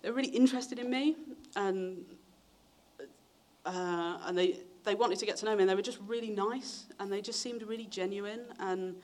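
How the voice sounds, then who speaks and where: A young man, telling his testimony in a sermon in a chatty way, acting out the voices of people he quotes. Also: moderate pace. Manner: chatty storytelling, acts out quoted voices with big pitch jumps. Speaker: preacher.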